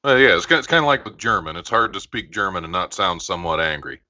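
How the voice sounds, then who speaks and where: Bright-voiced male radio host. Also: deep voice, expressive, quick pace, muffled recording. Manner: short agreeing replies, easy laughs. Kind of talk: casual radio chat.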